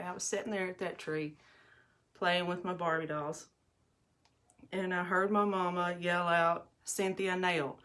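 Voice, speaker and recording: Chatty woman, lowish voice. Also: fairly bright tone. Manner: chatty, rambling, addresses viewers as y'all. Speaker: livestream host. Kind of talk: casual storytelling while doing makeup. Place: bathroom at home.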